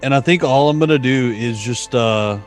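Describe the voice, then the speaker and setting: A man's voice: mid-range voice, moderate pace, faint music behind. Hesitant male player at a tabletop game, thinks aloud. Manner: hesitant, many restarts and fillers. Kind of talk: casual chat during a tabletop game.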